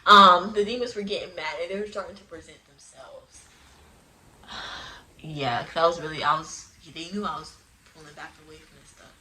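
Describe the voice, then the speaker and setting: A young woman casually telling her personal testimony into a phone, animated and prone to sudden loud outbursts, with uneven volume. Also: on the low side, moderate pace, rough recording. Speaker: person giving a religious testimony.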